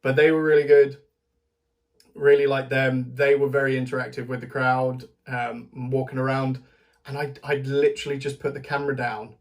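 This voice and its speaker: A British man talks his way through a casual recap, rambling and chatty. He laughs between thoughts and trips over the start of his sentences. His voice sits at an ordinary middle pitch for a man. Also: little pitch movement, moderate pace. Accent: British English. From Britain. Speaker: vlogger. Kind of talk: casual spoken festival recap.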